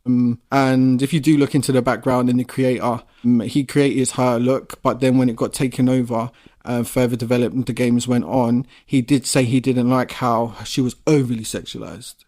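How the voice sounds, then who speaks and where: A man's voice: mid-range voice, flat delivery, moderate pace, darkish tone. Profane, rambling male podcast co-host. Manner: rambling, profane, laid-back banter. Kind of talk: casual chat.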